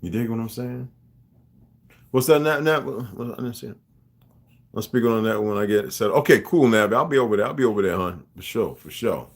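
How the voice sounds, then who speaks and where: Profane, animated man ranting on a livestream. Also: lowish voice, a little fast. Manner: profane, emphatic, rambling; greets chat viewers by name. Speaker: livestreamer talking to viewers. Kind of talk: unscripted livestream rant.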